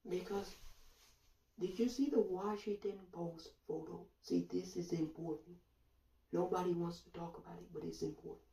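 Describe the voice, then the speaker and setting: A woman commentator delivering a sarcastic monologue full of rhetorical questions and drawn-out pauses. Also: fairly low pitch, steady tone, gravelly, mellow, far from the mic. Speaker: online commentator. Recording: roomy echo, voice away from mic.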